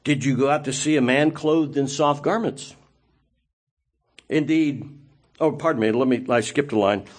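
Man, preacher, sermon, husky, rhetorical questions. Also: mid-range voice, normal speed. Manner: conversational, asks rhetorical questions.

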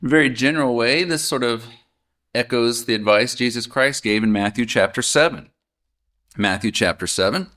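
A man's voice: mid-range voice, moderate pace, a bit bright. A man teaching from the Bible in a casual, conversational way, often asking his listeners questions. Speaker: preacher.

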